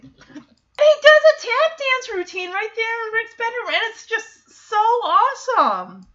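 A woman's voice: sits high, sharp tone, muffled recording. A woman casually recapping a TV episode, animatedly acting out the characters' lines between laughs.

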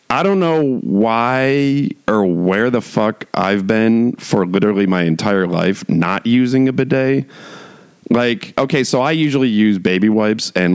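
Podcast host type: deep, gravelly male voice, dry close sound, loose and rambling with wry asides. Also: no room sound. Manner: rambling, heavy use of "like", frequent restarts. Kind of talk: casual monologue chat.

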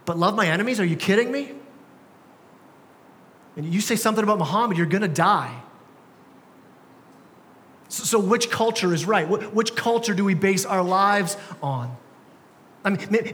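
A man's voice: sits high, fairly bright tone. A young man preaching a sermon as pastor, talking conversationally with casual slang and frequent restarts. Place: church sanctuary. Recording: church hall with long reverb.

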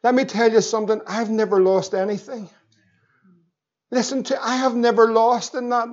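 A middle-aged man with a Northern Irish accent preaching a sermon with passion, his voice rising to shouts at its peaks. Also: extremely high pitch, level tone, normal speed. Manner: impassioned, rising to shouts, acts out the devil's voice. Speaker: pastor. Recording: dull lo-fi sermon recording.

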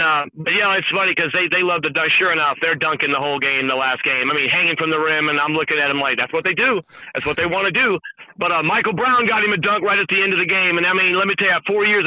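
A high-pitched man talks animatedly, breaking into voice impressions as he chats about sports. His voice is sharp and bright, heard through a dull phone line with no room sound. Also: no room sound. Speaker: sports broadcaster guest. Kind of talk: casual radio chat. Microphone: phone call.

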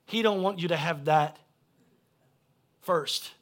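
A man, preaching a sermon as pastor and swinging between quiet asides and loud shouted calls. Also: a little high, slow pace. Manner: blunt, folksy preaching.

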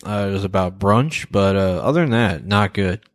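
A man's voice: sits low, normal speed, no echo, clean studio sound. A man talking casually and bluntly on a movie podcast, rambling with lots of fillers and the odd swear word. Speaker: podcast co-host. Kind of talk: casual movie-review chat.

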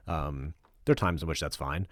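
A man hosting a podcast in casual chat, relaxed and joking, with many fillers and restarts. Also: extremely low pitch, normal speed, dry recording, clean studio sound. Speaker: podcast host.

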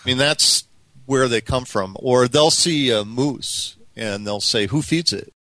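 A man's voice: medium pitch, a little slow, fairly bright tone, no room sound. A man who formerly directed a nonprofit tells stories in an interview, with frequent filler words. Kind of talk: anecdotal interview.

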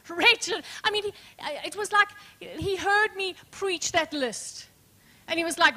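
A woman pastor preaching a sermon, emphatic and questioning, dropping to soft hushed words, calling the congregation her friends. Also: high voice, animated, normal speed. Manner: addresses congregation as friends, asks rhetorical questions. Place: church.

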